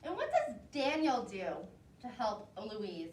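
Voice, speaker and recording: A woman preschool teacher reading a picture book aloud to young children, asking them questions as she goes. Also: on the high side. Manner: slow, expressive, asks the children questions. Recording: roomy echo, voice from a distance, faint noise.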